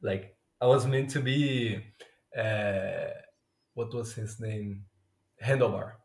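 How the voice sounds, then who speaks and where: A man's voice: fairly low pitch, fairly even intonation, slow. A man co-hosting a podcast in casual chat, laid-back and swearing freely. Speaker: podcast co-host. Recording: echoey room.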